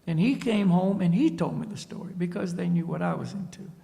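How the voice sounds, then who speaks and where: Gravelly high-voiced man teaching in a hall. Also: fairly quick, mellow. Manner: tags points with a questioning "see?". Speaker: spiritual teacher. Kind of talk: storytelling lecture to an audience.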